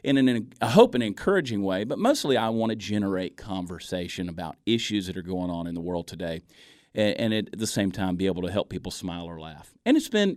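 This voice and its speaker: A man from Georgia with a softened Southern accent, telling stories as a guest in a radio studio interview. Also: sits low, no room sound. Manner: animated storyteller, folksy. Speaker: guest, comedian and video creator.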